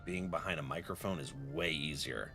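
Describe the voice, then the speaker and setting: A man's voice: extremely low pitch, normal speed, sharp tone, soft background music. A young man streaming a game, chatting casually with viewers and laughing often. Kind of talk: casual live-stream chat.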